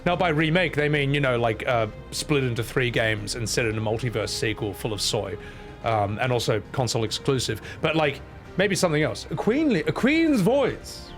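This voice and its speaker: A man's voice: medium pitch, fairly quick, a bit bright, faint music behind. A man giving casual, joking, rambling gameplay commentary as a streamer. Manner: joking, rambling, self-mocking.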